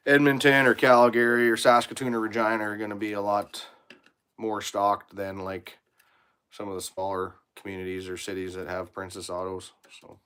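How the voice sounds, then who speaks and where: Low-voiced mechanic, blunt and profane. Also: male voice, fairly bright tone, clean tone. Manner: blunt, swears freely, rambling shop talk. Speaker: mechanic livestreaming from his shop. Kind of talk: casual live-stream chat, reading viewer comments. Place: his workshop.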